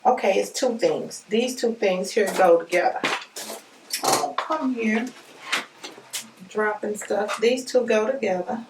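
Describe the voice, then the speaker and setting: A woman vlogger, chatting excitedly with viewers as she unboxes a package. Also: medium pitch, moderate pace, noisy background. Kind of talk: excited casual unboxing chat. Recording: echoey room, voice a bit far from mic.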